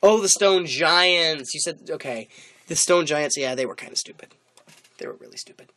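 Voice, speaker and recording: Playful young guy cohosting, bright voice, bouncy pitch, faint background hiss. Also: lively intonation, moderate pace. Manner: playful, jokey, does silly voices. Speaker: podcast co-host. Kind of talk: casual chat.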